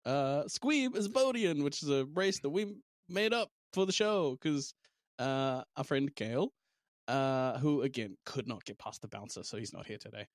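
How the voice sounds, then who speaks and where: Playful, lively New man. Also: mid-range voice, moderate pace, dry recording, clean studio sound. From New Zealand. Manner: playful, laughing, teasing. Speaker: podcast co-host and game master. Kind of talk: casual chat.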